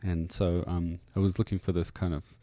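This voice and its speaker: A man's voice: low-pitched, level tone, normal speed, warm tone, dry recording. A man with a New Zealand accent, a musician guest rambling through an interview with many fillers and restarts. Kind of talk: casual interview chat. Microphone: radio studio mic.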